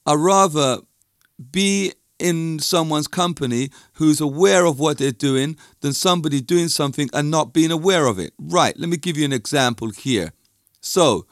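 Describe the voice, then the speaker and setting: A middle-aged London man talks in a loose, opinionated monologue, wandering off on tangents before pulling himself back. His voice sits at an ordinary middle pitch, recorded dry and close with no room sound. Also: no echo. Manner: rambling, opinionated, digressive. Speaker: music and dance teacher. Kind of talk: casual monologue.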